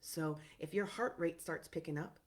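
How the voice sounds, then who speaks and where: A middle-aged woman therapist teaching in a casual, animated way, often checking in with "right?" and filling pauses with "um". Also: low-pitched. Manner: animated and emphatic, frequent "right?" and "um".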